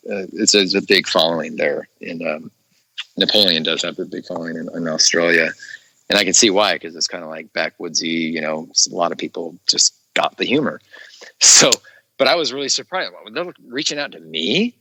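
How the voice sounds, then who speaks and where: A man telling stories as a guest in a casual podcast chat, animated and laughing often, recorded in a studio. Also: deep voice, a little fast, dry recording. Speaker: guest actor.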